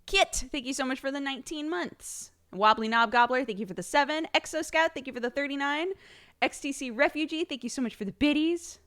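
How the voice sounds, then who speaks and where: A woman's voice: high-pitched, fairly quick, a bit bright. A woman live streamer chatting casually, laughing often and reading out thank-yous to her subscribers.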